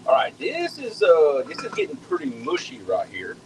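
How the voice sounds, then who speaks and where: A man's voice: high voice, wildly swooping pitch, moderate pace, gravelly, a little hiss or hum, rough recording. A man, chatting casually with viewers while cooking at home, folksy and talkative, often repeating words as he goes. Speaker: home cook hosting a live cooking stream.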